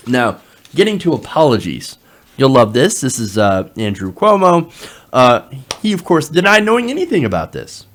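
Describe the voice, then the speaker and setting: A man's voice: medium pitch, very animated, moderate pace, a bit bright. A man hosting a political commentary show, reading from an article and adding sarcastic asides, with frequent fillers.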